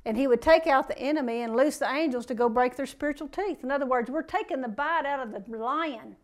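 High-voiced woman preaching a folksy sermon. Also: fairly quick. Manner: reads scripture aloud, then breaks off to preach in folksy asides.

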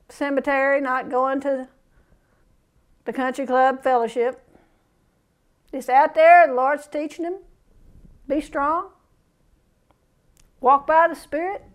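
High-voiced woman preaching a fiery sermon. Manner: reads scripture aloud, then breaks into folksy, fiery asides.

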